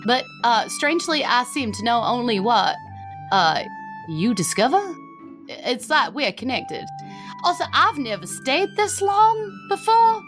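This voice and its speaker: A woman voicing a confused, polite female mail creature who talks in a halting, unsure way, with a New Zealand accent. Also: a little high, very animated, a bit bright, faint music behind. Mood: bemused.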